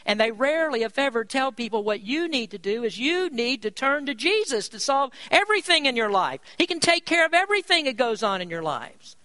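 A preacher giving a sermon, stressing key points by rising in pitch and volume and slowing down on important words. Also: sing-song, bright, forceful tone, no echo. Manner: slows down to drive words home.

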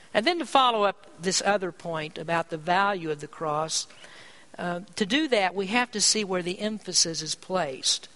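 A man's voice: high voice, bright, forceful tone, low-quality recording. A man preaching a sermon, emphatic and full of rhetorical questions.

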